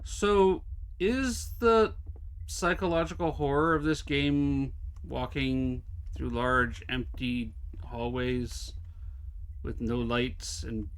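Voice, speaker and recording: A man's voice: mid-range voice, slow pace, smooth. A man streaming a horror game live, chatting to himself and the game with wry asides. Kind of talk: live gameplay commentary.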